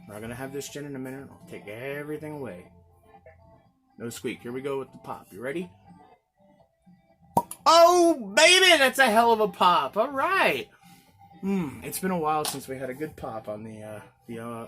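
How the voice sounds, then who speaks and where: A man hosting his own gin review show, talking casually and jokingly, prone to excited outbursts. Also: medium pitch. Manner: chatty, jokey, excitable, with playful outbursts. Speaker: chef. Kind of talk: casual spoken product review.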